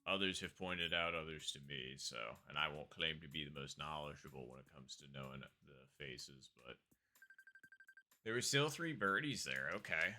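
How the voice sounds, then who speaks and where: A man streaming a golf video game, casually commenting on his shots and chatting with viewers in a relaxed, muttering way. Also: rumbling low, normal speed, faint music behind. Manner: relaxed, muttering asides to chat.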